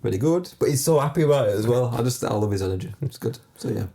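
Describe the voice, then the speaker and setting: Gravelly man chatting on a podcast. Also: medium pitch, expressive, fast talker, warm tone, slight background noise. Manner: chatty, rambling, amused. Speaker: podcast co-host. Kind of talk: casual podcast chat.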